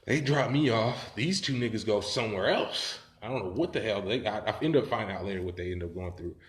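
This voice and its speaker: A man's voice: fairly low pitch, animated, brisk, echoey room. A man telling a story in casual, profane talk, rambling and laughing as he goes.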